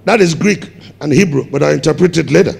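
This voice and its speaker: A Ghanaian man preaching a sermon as pastor, building up to shouted emphasis on key words. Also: on the high side, quick pace, gravelly, breathy edge. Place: large church hall. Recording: long hall reverb.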